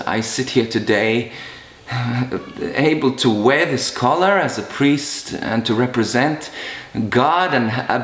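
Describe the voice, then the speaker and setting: A man's voice: medium pitch, a little hiss or hum. A middle-aged man and priest from Malta, giving an earnest, emotional personal testimony with frequent restarts. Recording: roomy echo.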